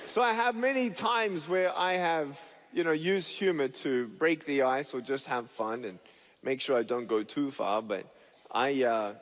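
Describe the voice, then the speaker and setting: A man giving a motivational talk, telling funny stories with lively jumps into the voices of the people in them. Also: mid-range voice, measured pace, big-room sound. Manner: animated, acts out the people in his stories with big voice jumps. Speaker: motivational speaker. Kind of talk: humorous storytelling talk.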